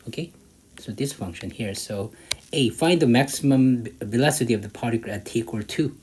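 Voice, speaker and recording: Male math tutor, slow and halting, mid-pitched, faint background hiss. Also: darkish tone, low-quality recording. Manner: halting, many fillers, thinks aloud while using a calculator. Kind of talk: walking through an exam problem.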